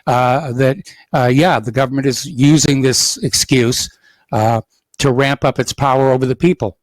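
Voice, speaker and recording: A man hosting a talk radio show, giving commentary to a caller in a measured, matter-of-fact way. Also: mid-range voice, fairly even intonation, no echo, rough recording.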